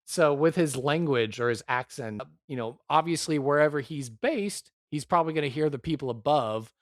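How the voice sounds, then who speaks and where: A man's voice: on the high side, animated, normal speed, dry recording, studio quality. A man running a tabletop game, chatting casually and rambling with many fillers as he brainstorms a character. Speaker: game master.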